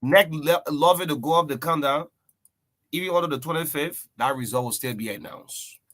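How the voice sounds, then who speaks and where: A man's voice: on the high side, normal speed, fairly bright tone. A man hosting a breakfast show, talking loosely about politics with lots of "yeah" and "man". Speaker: radio breakfast show host. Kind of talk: casual political talk.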